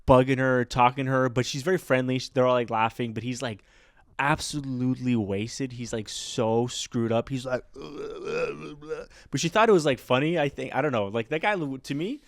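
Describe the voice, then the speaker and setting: A man hosting a podcast, telling a bar story in a rambling, animated way with lots of fillers. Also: medium pitch, normal speed, vocal fry, no echo, studio quality. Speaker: podcast host. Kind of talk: casual storytelling chat.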